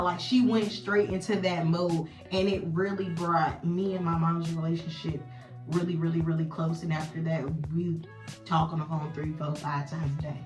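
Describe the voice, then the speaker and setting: A young woman with a slightly low voice recounts a personal story in a casual, animated storytime. She speaks in an echoey room with faint music playing underneath. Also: moderate pace. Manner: animated, chatty, acts out dialogue. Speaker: vlogger.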